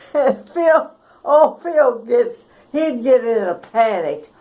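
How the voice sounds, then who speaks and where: A woman's voice: on the high side, mellow, poor audio. A woman, telling a childhood story for an oral history recording in a folksy, chuckling way. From Texas.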